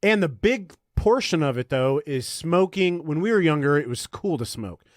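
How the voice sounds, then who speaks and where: A man's voice: fairly high pitch, animated, normal speed, no echo, clean studio sound. A man co-hosting a podcast in casual chat, teasing his friends and citing statistics. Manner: chatty, teasing, cites statistics. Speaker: podcast co-host.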